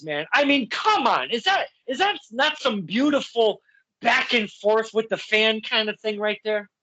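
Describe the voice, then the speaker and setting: A man hosting a casual interview, telling stories with lots of laughs and acting out the other side of the talk. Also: very high-pitched. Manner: animated storyteller, acts out quotes, laughs often. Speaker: podcast host. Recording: dull lo-fi sound.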